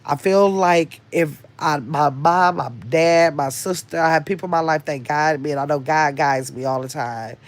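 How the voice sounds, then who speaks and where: A woman's voice: deep voice, normal speed, hardly any pauses. An older woman hosting a casual livestream, chatting and rambling as she reads viewers' comments aloud. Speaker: livestream host reading chat.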